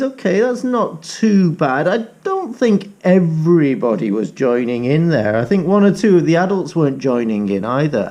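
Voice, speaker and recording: Lively man reading to children. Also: a little high. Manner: lively, coaxing, invites children to join in. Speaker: teacher. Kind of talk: reading a picture book aloud to children.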